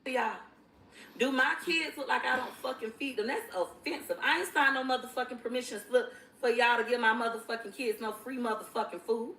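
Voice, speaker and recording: A woman's voice: a little high, steady tone, brisk, fairly bright tone, a little hiss or hum. A mother ranting angrily and profanely on a livestream. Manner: profane, furious, confrontational. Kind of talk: angry livestream rant. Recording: echoey room.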